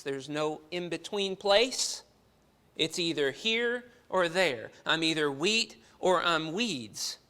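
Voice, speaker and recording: A man's voice: fairly high pitch, pushed and bright. A man preaching a sermon to his congregation, earnest and full of rhetorical questions.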